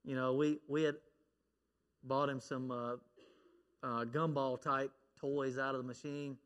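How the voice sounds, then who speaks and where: A man's voice: medium pitch, little pitch movement, measured pace, in a large hall. A middle-aged man preaching a sermon as pastor, telling stories and acting out voices from them. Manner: storytelling, acts out a child's shouting prayer.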